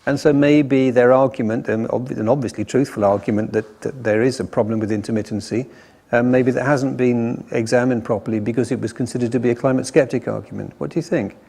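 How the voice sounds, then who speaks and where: Man, panel moderator, jokey, polite, mid pitch. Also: fairly even intonation, fairly quick, gravelly, mellow. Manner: jokey, polite, self-deprecating. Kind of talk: moderating a live panel discussion.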